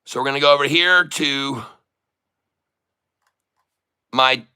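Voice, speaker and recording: A man's voice: medium pitch, brisk, sharp tone, smooth. A man hosting a day-trading livestream who chats casually and tells rambling stories full of restarts. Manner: rambling, chatty anecdote telling with many restarts. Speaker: livestream day trader and channel host.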